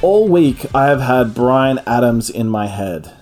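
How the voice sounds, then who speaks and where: A man's voice: mid-range voice, animated, unhurried, darkish tone, faint music behind. Rambling, chatty podcast man. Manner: chatty, rambling, laughs often. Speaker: podcast co-host. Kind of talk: casual chat.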